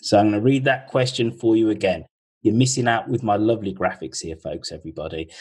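A man hosting a podcast over a video call, reading out quiz questions slowly and repeating each one in a chatty way. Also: fairly low pitch, a little mellow, slightly rough, poor audio. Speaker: podcast host running a quiz.

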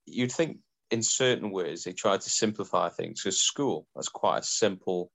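A man's voice: low voice, normal speed, gravelly, a bit bright. A man from the Stoke-on-Trent area co-hosting a casual podcast, mostly chiming in with short agreements. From England, Stoke-on-Trent area. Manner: short agreeing backchannels, laughs along. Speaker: podcast co-host.

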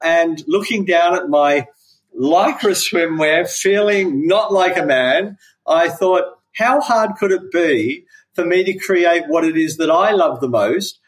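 A man's voice: on the high side, slow, rough recording. A middle-aged Australian man, a company founder, telling his story in an interview and acting out the people he quotes. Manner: animated, acts out the voices of people he quotes. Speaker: company founder, podcast guest.

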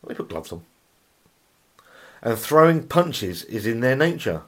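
Lively joking man reading odd news. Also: medium pitch, a little slow. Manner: reads headlines aloud, breaks off to laugh and riff; stumbles over words and apologises. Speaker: podcast host.

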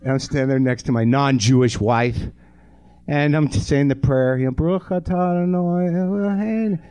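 A man's voice: mid-range voice, fairly even intonation, moderate pace, darkish tone, smooth, lo-fi sound. A man hosting a live comedy show, doing a profane, self-deprecating stand-up rant straight to the audience from a theater stage. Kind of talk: stand-up monologue.

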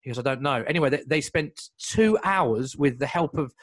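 A young man telling a long story in casual chat, lively and full of asides and restarts. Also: medium pitch, dry recording. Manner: animated, fast, piles up asides and restarts.

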